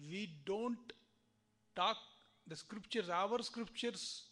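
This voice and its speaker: Taking his time, a man with an Indian English accent delivers a temple discourse in a high-pitched, pushed and bright voice. Rhetorical questions go out to the audience, and he acts out each side of the conversations himself.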